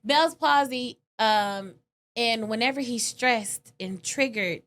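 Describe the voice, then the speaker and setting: A woman guest talking openly in an interview, animated and emotional, with casual slang and quoted lines that leap up in pitch. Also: slow pace. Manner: animated, expressive, acts out quoted lines with sudden high pitch. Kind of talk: candid conversational interview.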